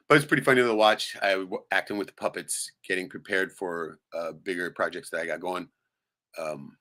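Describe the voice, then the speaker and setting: A man's voice: low voice, sharp tone. A middle-aged man ranting late at night on his live stream, profane and rambling, tagging nearly every point with "right?".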